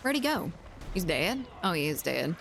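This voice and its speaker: A woman's voice: lowish voice, big pitch swings, normal speed, gravelly, a bit bright, a little hiss or hum. A woman game streamer with a Southern US accent. She chats casually and rambles, with lots of fillers and the odd swear word. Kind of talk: casual live-stream chat.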